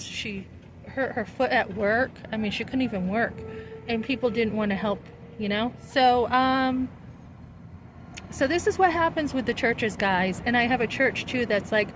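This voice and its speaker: A middle-aged woman tells a story for her vlog in a rambling, emphatic rush of indignation. Her voice sits a little high. Steady traffic noise from an outdoor city spot runs clearly behind her. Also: unhurried. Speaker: vlogger.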